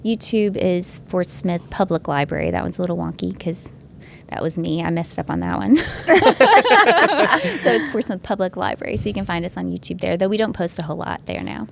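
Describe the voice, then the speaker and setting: Chatty woman with a gravelly edge. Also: on the low side, a little mellow, a little hiss or hum. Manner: chatty and enthusiastic, with frequent "um" pauses. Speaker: youth services librarian, podcast guest. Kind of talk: casual chat.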